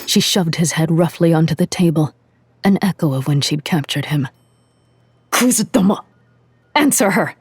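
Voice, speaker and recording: A woman narrates a dramatic story in a measured, even way. Her voice sits low and husky. The recording is dry and close, with no room sound. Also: no echo. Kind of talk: scripted audio-drama narration.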